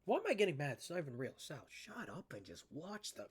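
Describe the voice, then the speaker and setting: A man giving casual reaction commentary as a streamer, excitable and ranting back at the screen. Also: on the high side, fast talker, breathy edge.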